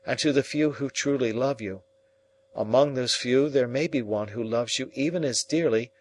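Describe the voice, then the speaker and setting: A man's voice: medium pitch, voice pushed up, natural voice. A man reading the part of an anguished young man pleading with the woman he loves, in a storybook reading. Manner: pleading, earnest, emotional.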